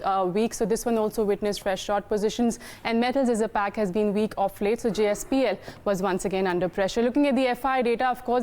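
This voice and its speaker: A woman with an Indian English accent giving a fast, data-heavy derivatives market update on a live news show. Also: a little high, darkish tone.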